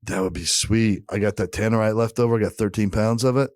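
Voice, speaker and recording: A low-voiced man telling a wild story on a podcast. He swears freely and jumps into the voices of the people in the story, recorded close and dry with no room sound. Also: fast, dry recording. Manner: animated storyteller, acts out quoted voices; profane, laid-back. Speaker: podcast co-host. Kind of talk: casual storytelling chat.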